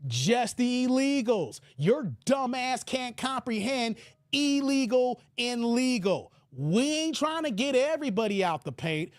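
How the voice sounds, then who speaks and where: A combative man hosts his own channel, reading hostile emails aloud and mocking them. His pitch jumps around a lot as he rants, and he keeps tossing in "here" as filler. The sound is dry and close to the mic. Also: lively intonation, a little slow, no room sound. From United States. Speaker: channel host. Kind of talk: reading emails and ranting on camera.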